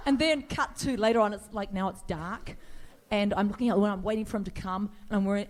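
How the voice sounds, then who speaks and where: A woman's voice: medium pitch, a little mellow, slight background noise. A middle-aged woman telling rambling, playful anecdotes as a guest on a convention stage, laughing often as she talks.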